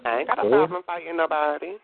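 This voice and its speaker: A campy, flamboyant man chatting on a phone line, his fairly high voice swooping all over the place. The sound is thin and phone-like, with a busy crowd of voices behind him. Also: animated, fast, gravelly. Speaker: caller on a phone chat line. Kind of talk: casual phone chat.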